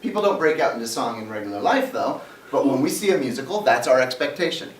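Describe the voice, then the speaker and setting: A man's voice: mid-range voice, animated, fast talker. Man teaching a class, recorded from afar. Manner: explains step by step, quizzing the class. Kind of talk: classroom lecture. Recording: roomy classroom, mic far off, faint background noise.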